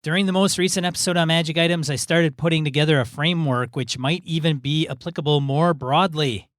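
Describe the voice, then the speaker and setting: A man's voice: fairly high pitch, steady tone, a bit bright, dry recording. Male podcast co-host, easygoing reader with chatty asides, dry close recording. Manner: easygoing, reads in measured chunks with asides. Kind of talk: casual chat, reading a listener email aloud.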